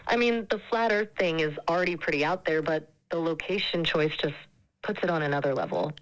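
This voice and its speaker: A woman's synthetic AI assistant voice in casual chat, polite, measured and upbeat. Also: low-pitched, low-quality recording.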